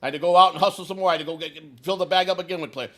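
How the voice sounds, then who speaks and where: A man in his sixties from Chicago rattles off a story at a quick clip, swearing freely and acting out the voices of the people in it. His voice sits a little higher than most men's. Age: 60s. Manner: profane, animated storyteller who acts out quotes. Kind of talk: casual storytelling.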